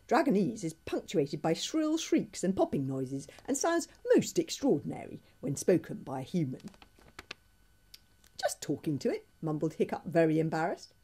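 A woman, a children's author, reading her own storybook aloud with animated, expressive storytelling. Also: lowish voice, breathy edge.

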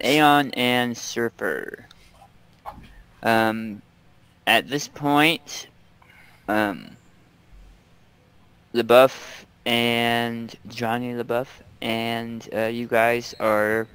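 Smooth-voiced man running a tabletop game. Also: medium pitch, fairly even intonation, drawn-out words, pauses often, a bit bright. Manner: chatty, laughs often, many ums. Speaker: game master.

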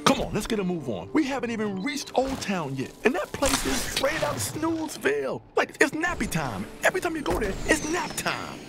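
A brash, gravelly talking gun. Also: male voice, very high voice, huge pitch swings, normal speed, few pauses, over music, heavily acted. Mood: cocky. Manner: swaggering slang, swooping delivery. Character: brash, cocky male talking alien gun. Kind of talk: video game voice acting.

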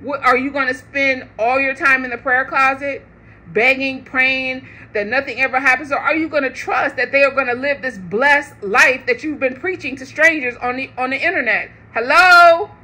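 A woman giving a prophetic sermon online in a lively, conversational way, laughing often. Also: high voice, moderate pace. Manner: animated, laughing, conversational preaching. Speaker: online preacher. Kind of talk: prophetic preaching.

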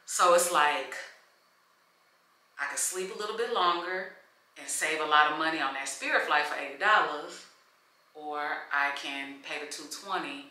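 A young woman vlogs to camera from a hotel room in casual talk, venting emotionally and holding back tears. Her voice sits low yet sounds bright and forceful. The room is echoey.

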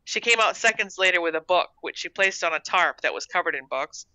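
An author reading their own short story aloud in a steady storytelling manner. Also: medium pitch, brisk, no room sound. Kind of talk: storybook narration.

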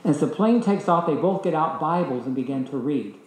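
An older man teaching a discipleship class, telling a personal story in a lively, anecdotal way and voicing the people in it. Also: fairly high pitch, a little fast. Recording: echoey hall.

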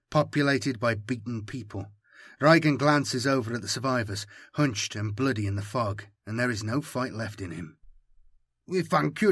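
A man giving measured, grave narration of a dark audiobook story. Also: medium pitch, husky, no echo, studio quality.

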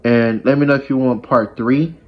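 A man's voice: mid-range voice, steady tone, moderate pace, lo-fi sound. A man telling a personal story in a casual vlog, rambling with lots of fillers and restarts.

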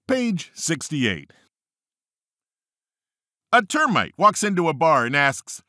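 Man reading a joke book, playful, lively swooping pitch, slow deliberate pace, bright tone, dry close studio sound. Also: dry recording. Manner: playful, quick jumps up in pitch for quoted characters. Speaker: audiobook narrator.

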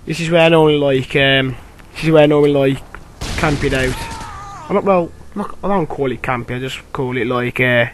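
A young man giving rambling, filler-heavy commentary over his own gameplay, with bursts of excitement. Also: medium pitch, a little fast, a little hiss or hum, poor audio. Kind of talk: casual game commentary.

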